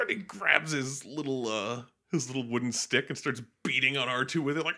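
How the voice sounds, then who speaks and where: This podcast host talks at a fairly quick clip in a medium-pitched voice with vocal fry, leaving few pauses. He recaps a film in an animated, profane way, laughing and doing voices.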